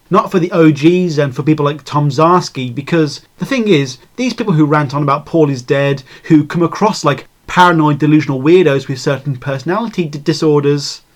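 A man narrating a video essay in an irreverent, sardonic way, swearing freely. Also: on the high side.

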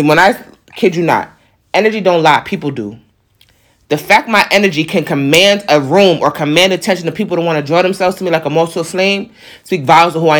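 Passionate New York man, slightly high voice. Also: fairly bright tone. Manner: passionate, emphatic, repeats phrases, street slang. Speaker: podcast host. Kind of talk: casual monologue to listeners.

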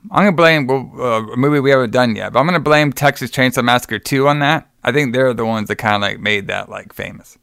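Fast, creaky, and fairly bright at medium pitch, this man barely pauses as he co-hosts a podcast, retelling a movie in a loose, profane ramble and laughing through acted-out quotes. The casual review chat has studio-quality sound with no room noise.

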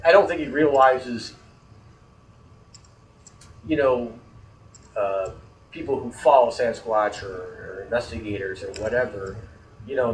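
A man telling a story in casual chat, animated, swearing freely and laughing as he goes. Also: mid-range voice, roomy sound. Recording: voice distant from the mic.

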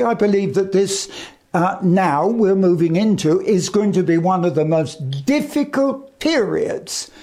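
A male evangelist preaching a sermon, slow and deliberate, with emphatic pauses between phrases. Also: sits high, warm tone.

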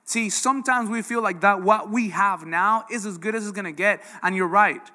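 Bright, energetic man preaching. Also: high voice, brisk, big-room sound. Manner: energetic, conversational preaching with audience questions. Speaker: pastor. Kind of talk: sermon.

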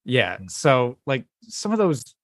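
Man, podcast host, animated storyteller, lively pitch, dry close mic. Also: slow pace, no room sound. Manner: animated storytelling, swears casually. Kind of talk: casual chat.

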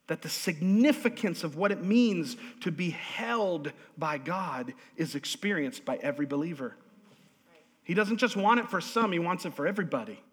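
A male pastor delivers a sermon with emphatic repetition and frequent calls of amen. His voice sits a little high for a man. He shifts between loud, driving emphasis and quiet asides, and a long hall reverb trails every phrase. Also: animated, moderate pace, breathy edge. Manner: emphatic preaching with repeated words and calls of amen. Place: church sanctuary.

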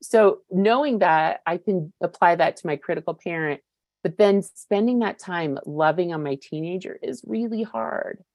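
A woman's voice: fairly low pitch, normal speed, darkish tone, no room sound. A woman in her fifties giving a personal recovery share, candid and searching, with many fillers and casual swearing. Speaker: recovery meeting speaker.

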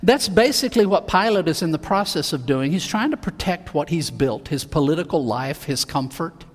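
A man preaching a sermon, acting out the Bible figures' lines with sudden swings between soft and loud. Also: on the high side, expressive, normal speed, in a large hall.

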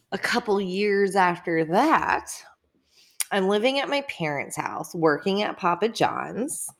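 A woman's voice: mid-range voice, sing-song, takes it slowly, long pauses, fairly bright tone. A woman in her twenties telling candid personal stories in casual chat, swearing freely and acting out the people she quotes. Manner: candid, swearing, laughing, acts out quoted dialogue.

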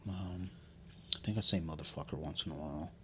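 A man's voice: rumbling low, a little fast, bright, forceful tone, a little hiss or hum. A man in his thirties in casual chat, profane and laughing as he tells stories, a little drunk.

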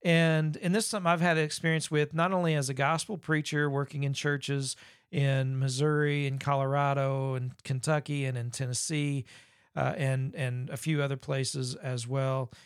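A man's voice: mid-range voice, little pitch movement, moderate pace, clean tone, dry recording, studio quality. A man co-hosting a podcast, chatting in a folksy, rambling way with many fillers. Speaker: podcast co-host. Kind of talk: casual podcast chat.

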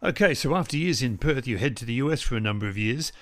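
A man hosting an interview, asking measured, well-prepared questions. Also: mid-range voice, expressive, fairly bright tone. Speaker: podcast host.

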